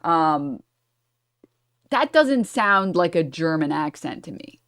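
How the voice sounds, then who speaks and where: A woman's voice: sits low, very animated, takes it slowly, a bit bright. A woman streamer reading a news article aloud and breaking off with sarcastic asides and apologies for her misreadings.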